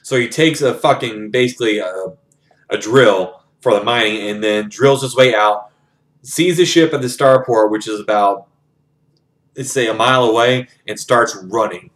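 A man's voice: medium pitch, moderate pace, fairly bright tone. A young man casually retelling a novel's plot in his own words, rambling and swearing freely. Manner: profane, rambling, conversational. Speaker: book reviewer retelling a novel. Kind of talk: casual spoken retelling of a story.

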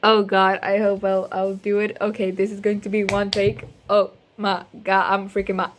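A woman's voice: medium pitch, monotone, moderate pace, a little hiss or hum. A woman chatting casually to her viewers before singing a cover, rambling, giggly and self-deprecating, stumbling over her words. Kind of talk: casual chat.

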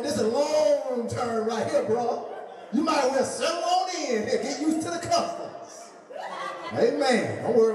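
Pastor, high voice, jokey sermon, booming echoey church from a distant mic. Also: male voice. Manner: playful, joking with the congregation, rising to a shout. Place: church sanctuary.

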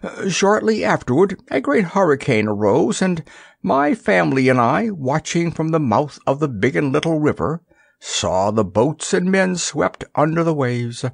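A solemn, motherly hippopotamus in a storybook tale, as a man puts her on, her words lifting high and swooping low with a gravelly edge. She speaks calmly and gravely, close and dry. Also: measured pace, no echo, full character voice. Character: gentle wise female hippopotamus.

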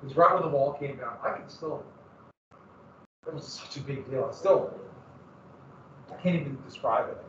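A man's voice: mid-range voice, normal speed, pauses often, a little hiss or hum. A male teacher chatting casually and rambling to his class in a classroom. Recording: echoey room, far from mic, muffled.

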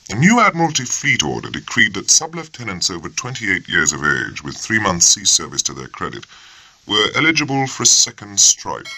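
Deep, gravelly male audiobook narrator. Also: pushed and bright. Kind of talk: scripted narration.

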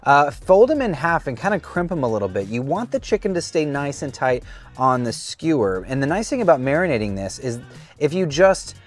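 A man's voice: fairly high pitch, sing-song, brisk, faint music behind. A man hosting a cooking show, demonstrating a recipe in an upbeat, chatty way that often restarts mid-sentence. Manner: upbeat, chatty, self-interrupting.

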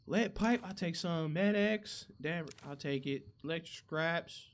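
A young man giving casual, profane gameplay commentary who reacts loudly to the action. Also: on the high side, measured pace. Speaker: gaming channel host.

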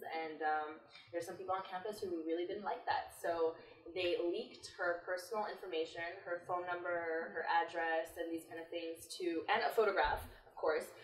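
A young woman student in an interview, talking in an earnest, measured way with many fillers. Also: lowish voice. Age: young adult. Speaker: student group member. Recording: roomy echo, mic at a distance.

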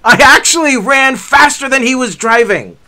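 A man's voice: very high voice, moderate pace. A man vlogging on a forest hike, telling a dramatic story with lots of energy. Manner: dramatic, builds up to shouted reenactments. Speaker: hiking vlogger. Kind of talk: animated storytelling. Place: outdoor forest trail.

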